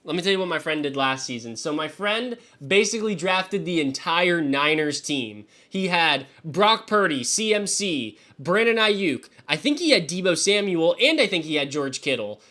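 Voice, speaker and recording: A young male streamer with a bright, fairly high voice talks loosely to his live chat. He swears freely and keeps up an easygoing commentary. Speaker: fantasy football streamer.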